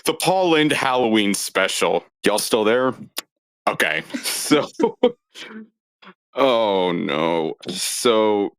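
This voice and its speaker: A man's voice: fairly low pitch, expressive, drawn-out words, a bit bright, clean tone, no room sound. A man co-hosting a podcast in casual chat, wry and laughing often. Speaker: podcast co-host.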